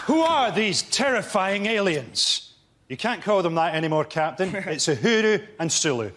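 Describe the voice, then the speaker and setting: A male comedy panellist delivering quick deadpan one-liner jokes. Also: high-pitched, crowd noise. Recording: noisy, loud audience laughter.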